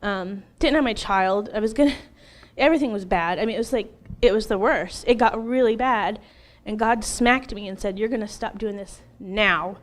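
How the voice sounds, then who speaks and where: A woman in her thirties tells her personal testimony in an interview, open and earnest. Her voice sits slightly high, and she gets animated as she talks, breaking into brief laughs along the way. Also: moderate pace.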